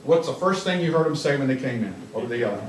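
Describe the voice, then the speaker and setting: A blunt male police trainer gives a live training presentation to an audience in an office meeting room. He talks fast and animatedly at a mid-range pitch, joking and shouting commands when demonstrating. The room echoes, the mic is distant, and crowd noise can be heard.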